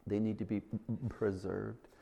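A man's voice: fairly low pitch, level tone, a little slow, gravelly, mellow. A man preaching a sermon in an earnest way, often repeating himself and acting out little conversations.

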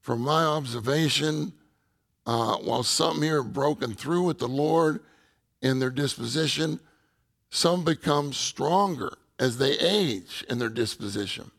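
A man's voice: fairly high pitch, a little slow, vocal fry, a bit bright. A man ministering at a church meeting, answering questions and telling personal stories in a reflective, conversational way with many fillers. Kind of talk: informal sermon with personal stories.

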